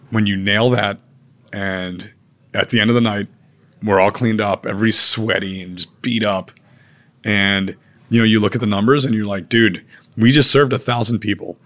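Man, chef, low-pitched, laid-back, blunt, casual slangy talk. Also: fairly even intonation, normal speed, long pauses, a bit bright. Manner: laid-back, blunt, peppered with "man" and "dude", occasional swearing. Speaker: chef and restaurateur.

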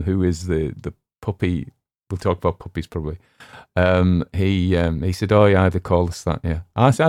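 A man's voice: sits low, darkish tone, no room sound, studio quality. A middle-aged man with a Cumbrian accent, chatting casually as a story channel's host, rambling and self-deprecating with many fillers and restarts. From West Cumbria, England. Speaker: audiobook narrator and channel host. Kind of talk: casual chat.

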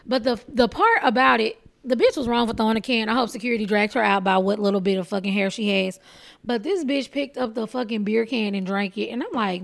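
A woman stand-up comedian from Texas, hosting her own podcast with a blunt, profane, animated comic rant. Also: fairly high pitch, brisk, vocal fry.

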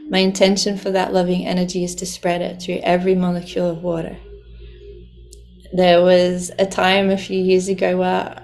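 Woman telling her own story, kinda flat even tone, laughs a lot, bit of music behind. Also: fairly low pitch. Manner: heartfelt, laughs often, speaks of the ocean lovingly. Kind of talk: personal storytelling monologue.

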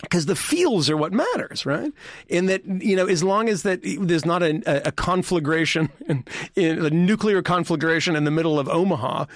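A man's voice: high-pitched, lively intonation, moderate pace, no echo. A man on a podcast panel talking politics in casual chat, rambling and interrupting himself with repeated words.

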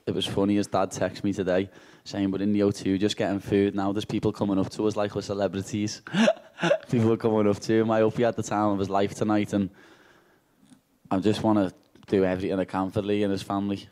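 Brash Liverpool man, low voice. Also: monotone, fast, warm tone. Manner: brash, cheeky, swears freely. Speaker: fighter at a post-fight press conference. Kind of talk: casual press conference answers. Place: press conference room.

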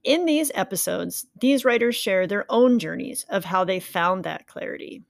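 Female podcast host, mid pitch, earnest reassuring read, dry close-mic sound. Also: expressive, normal speed, gravelly, dry recording. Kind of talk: scripted podcast intro.

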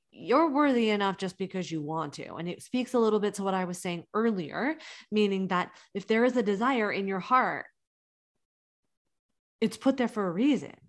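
In her thirties, this business coach speaks in a mid-range voice at a moderate pace, her intonation lively. Her motivational monologue comes across as earnest and encouraging, punctuated by emphatic restarts.

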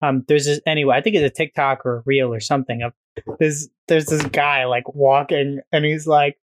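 A man's voice: a little high, fairly even intonation, fairly quick. A man on a podcast, chatting casually in a rambling, profane, joking way. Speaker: podcast guest.

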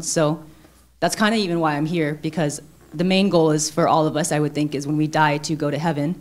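A woman with a fairly low voice asks an earnest question at church. She rambles nervously, piling on "like" and "um" as she works through her worry. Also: fairly even intonation, a little fast, a little mellow. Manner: rambling, full of "like" and "um", anxious. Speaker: congregant asking a question.

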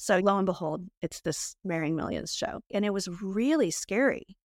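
Animated woman telling stories. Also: mid-range voice, normal speed, dry recording, clean studio sound. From United States. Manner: lively, animated storytelling with frequent laughter. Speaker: guest, beauty entrepreneur. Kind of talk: candid storytelling in a podcast interview.

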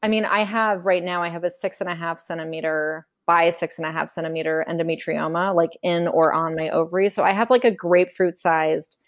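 A woman's voice: lowish voice, fairly even intonation, a little fast, hardly any pauses. A woman speaking frankly in a casual conversation, chatty, acting out quotes as she tells her story. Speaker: memoir author guest. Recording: podcast conversation.

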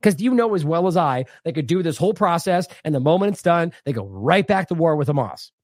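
Animated, indignant male news commentator. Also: a little high, brisk, no echo, studio quality. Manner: indignant, sarcastic, emphatic. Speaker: independent news show host.

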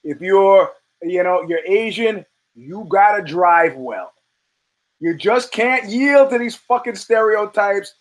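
A man's voice: high-pitched, lively intonation, takes it slowly, poor audio. A male show host giving a blunt, rambling commentary monologue full of profanity and restarts.

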